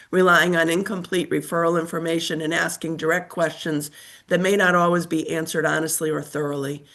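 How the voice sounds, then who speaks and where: Older woman, scratchy voice, lowish pitch; formal testimony read over a call. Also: a bit bright. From United States. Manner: formal, measured reading of a statement. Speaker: testifying witness. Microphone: remote call microphone.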